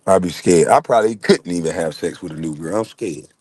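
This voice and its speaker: A man's voice: sits low, fairly quick, husky, no room sound. A middle-aged man telling funny, profane stories as he reacts to chat, laughing often. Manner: laughing, profane, animated storyteller. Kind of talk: casual profane storytelling.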